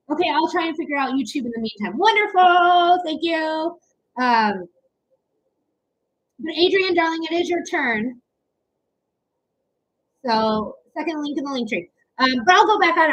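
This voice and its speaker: Chatty high-voiced woman livestreaming. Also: a bit bright, rough recording. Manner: chatty, affectionate, frequent "okay?" and "um". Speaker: livestream card reader. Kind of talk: casual livestream chat, reading comments.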